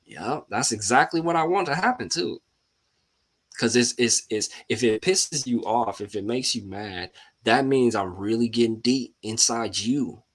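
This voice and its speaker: A man's voice: medium pitch, measured pace. A man hosting a live mindset show, talking casually and animatedly, firing rhetorical questions at himself and at listeners in slangy, informal speech. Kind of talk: casual motivational talk.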